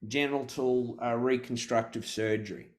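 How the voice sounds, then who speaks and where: A man's voice: mid-range voice, steady tone, moderate pace. A middle-aged man, a podcast guest telling a story in conversation, full of restarts and repeated words.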